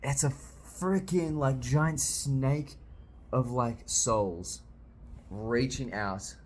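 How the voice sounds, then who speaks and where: A young man reading a manga aloud and reacting, excitable, swearing often and bursting into loud exclamations. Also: mid-range voice, very slow, a little hiss or hum. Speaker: manga reviewer.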